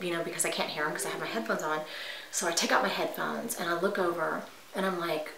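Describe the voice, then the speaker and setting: A woman vlogger telling a personal story in casual storytime style, animated and dramatic, dropping to hushed asides. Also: on the low side, fairly quick, echoey room, a little hiss or hum, rough recording.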